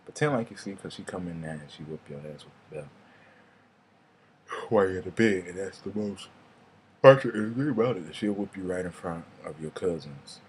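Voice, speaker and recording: A man's voice: sits low, animated, fairly quick, slight background noise. A young man, telling rambling, casual stories and swearing freely in a vlog. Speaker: vlogger. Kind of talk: casual storytelling monologue.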